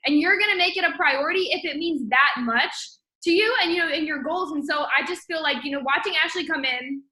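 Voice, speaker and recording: High bright woman host, echoey room. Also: fairly quick. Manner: enthusiastic, encouraging, many fillers. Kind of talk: casual motivational chat.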